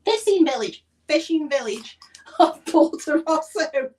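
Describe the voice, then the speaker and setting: Woman podcast host, high-ish voice, chatty news reader with asides, mic set a bit far off. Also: lively intonation, unhurried, a little mellow. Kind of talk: casual podcast chat. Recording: distant mic.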